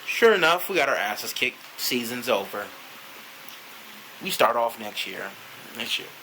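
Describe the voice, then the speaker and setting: A man with a bright, forceful voice rants loosely to camera about his team. He swears freely and rambles, leaning on "you know" between thoughts. A faint hiss sits under the recording. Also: medium pitch, big pitch swings, measured pace, low-quality recording. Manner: profane, rambling, frequent "you know" fillers. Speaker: vlogger, sports fan. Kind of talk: casual fan rant to camera.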